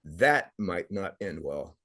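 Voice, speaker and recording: A middle-aged man appears as a podcast guest, telling a personal story with earnest emotion and frequent repeated words. His deep voice is very animated, pushed and bright, and he takes his time.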